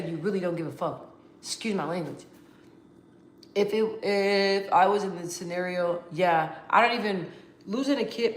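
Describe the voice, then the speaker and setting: A woman vlogging casually to her viewers, talking in an animated, emphatic way with slang and frequent restarts. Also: on the low side, roomy sound, slight background noise. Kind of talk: casual talk to camera.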